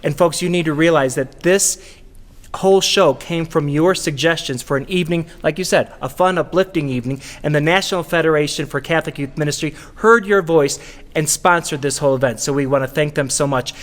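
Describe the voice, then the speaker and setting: A man with a somewhat high voice co-hosts with enthusiasm and playful banter. The sound carries a long reverb. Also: a little fast. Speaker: co-host. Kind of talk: live-stream hosting banter.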